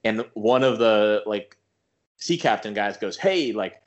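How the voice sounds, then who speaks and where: Low-voiced man recapping a show. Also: measured pace, muffled recording. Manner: rambling, animated recap full of filler words. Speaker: podcast co-host. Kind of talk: casual chat, recapping an episode.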